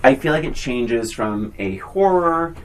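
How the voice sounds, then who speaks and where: A woman's voice: very deep voice, lively intonation, unhurried, poor audio. A woman co-hosting a podcast, chatting casually and teasing her friend, rambling with fillers. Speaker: podcast co-host. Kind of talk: casual chat.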